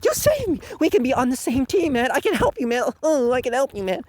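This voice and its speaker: A man's voice: very high voice, very animated, a little fast, darkish tone, dry recording, pitched above the performer's own voice, exaggerated voice. A man voicing a whiny young male underdog who talks in a pleading, mock-emotional way.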